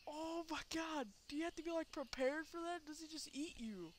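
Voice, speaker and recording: A woman giving let's play commentary, excitable, laughing and shrieking, cursing at the game. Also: high-pitched, moderate pace, slight background noise. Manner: swears and exclaims at the game. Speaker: gameplay commentator.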